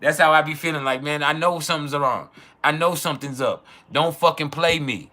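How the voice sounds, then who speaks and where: A young man talks freely about astrology with a bright, somewhat high voice. He swears constantly and laughs between lines. He slips into acted-out arguments without changing his voice. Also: a little fast. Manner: profane, animated, laughs often, acts out quoted arguments. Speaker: astrology channel host. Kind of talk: casual unfiltered chat.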